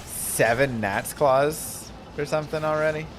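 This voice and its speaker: A man's voice: on the high side, a little slow, over music. A man casually chatting to his viewers while streaming a game, rambling and answering questions as he plays. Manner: rambling, chatty, talks to chat. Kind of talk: casual live-stream commentary.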